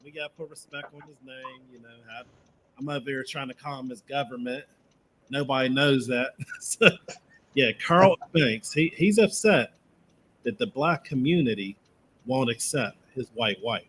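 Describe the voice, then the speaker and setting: A man hosting a live talk show, bringing in callers and reading out comments in a relaxed way with quick asides. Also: medium pitch, husky, low-quality recording. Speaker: host.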